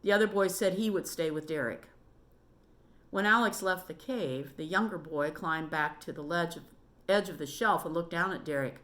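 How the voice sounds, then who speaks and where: Lowish, bright woman reading a story. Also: normal speed. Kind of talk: reading a children's book aloud.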